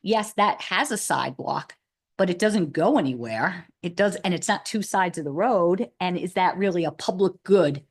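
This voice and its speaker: A woman's voice: fairly low pitch, animated, normal speed, breathy edge. A woman speaking at a town committee meeting, thinking aloud in long, looping sentences with restarts. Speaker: committee member. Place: meeting room.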